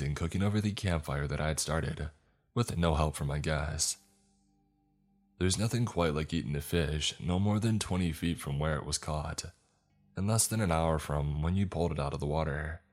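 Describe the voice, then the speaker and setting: Very deep-voiced male storyteller. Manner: dry, wry first-person telling. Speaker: narrator. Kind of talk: scripted horror story narration.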